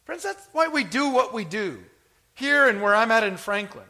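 A man's voice: very high voice, very animated, moderate pace, gravelly, sharp tone. A man preaching a sermon to a congregation, with emphatic delivery that swells and drops. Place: church.

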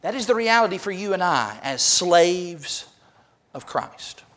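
High-voiced emphatic male preacher. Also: very animated, a little slow, a bit bright. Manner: emphatic, rhetorical questions. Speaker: pastor. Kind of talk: sermon.

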